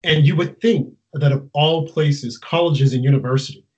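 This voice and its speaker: A man's voice: a little high, moderate pace. A man hosting a casual interview, talking emphatically and putting exasperated questions to his guest. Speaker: interview host. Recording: dull lo-fi sound.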